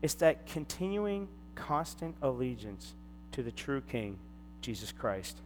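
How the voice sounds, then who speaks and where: A middle-aged pastor with a medium-pitched voice preaches unhurriedly, telling a personal story in an animated way and acting out its voices. The recording has long hall reverb and a faint hum.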